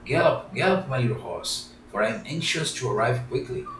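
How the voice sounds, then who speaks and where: A man's voice: mid-range voice, animated, measured pace, natural voice. A man voicing a despairing young wooden puppet boy, pleading in a raised, tearful voice. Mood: excited. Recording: roomy, distant, faint background hiss.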